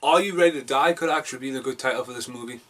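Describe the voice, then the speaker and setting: A man's voice: mid-range voice, racing, fairly bright tone. A man from Britain reviewing a movie casually, rambling and self-deprecating, with jokey asides and mumbled mutters.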